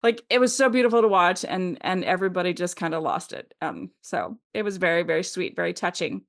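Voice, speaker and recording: A woman's voice: on the low side, expressive, fairly quick, gravelly. A middle-aged woman co-hosting a podcast, chatting casually and rambling with lots of fillers and laughter. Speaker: podcast co-host. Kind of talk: casual chat.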